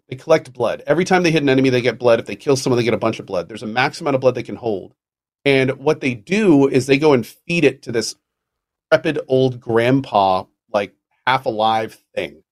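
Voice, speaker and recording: A man's voice: mid-range voice, a little fast, dry recording, clean studio sound. A man co-hosting a gaming podcast, explaining a game at length in casual chat, with fillers and restarts. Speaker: podcast co-host.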